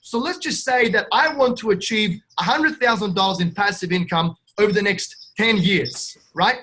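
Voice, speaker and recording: A brash Australian man talks in a casual podcast interview, upbeat and blunt. His voice sits high for a man and has a bright, forceful edge. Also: normal speed, slightly rough. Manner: brash, upbeat, calls the host "mate". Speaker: guest real estate investor.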